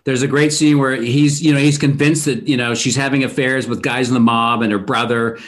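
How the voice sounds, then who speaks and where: A man talking casually about a film, retelling scene after scene. His telling is animated and full of fillers and restarts, the way friends chat about a movie. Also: mid-range voice, a little fast.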